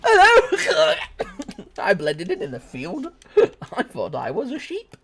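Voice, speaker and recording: A young man talks over a shooter game in a loose, rambling way, hopping between silly jokes, laughter and half-sung lines. His pitch leaps around constantly, from low mutters to high squeals. The tone is goofy gameplay chatter. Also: wildly swooping pitch, measured pace, slightly rough. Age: young adult. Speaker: gaming streamer. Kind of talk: casual live gameplay commentary.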